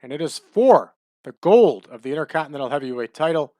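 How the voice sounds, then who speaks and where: A man giving relaxed, chatty commentary over a wrestling management game, adding trivia as he goes. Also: on the high side, fairly quick, no room sound, studio quality. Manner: laid-back, chatty, adds wrestling trivia.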